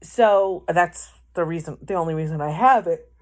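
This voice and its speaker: A woman's voice: fairly low pitch, fairly even intonation, moderate pace, darkish tone. A woman telling a rambling personal anecdote in a casual vlog, correcting herself as she goes. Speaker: vlogger. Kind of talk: casual storytelling.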